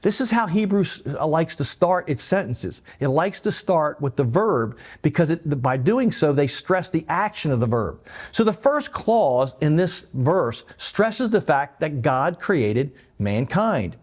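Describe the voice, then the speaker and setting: A man teaching a Bible lesson as pastor, explaining and animated, with light asides. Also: a little high, unhurried. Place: church.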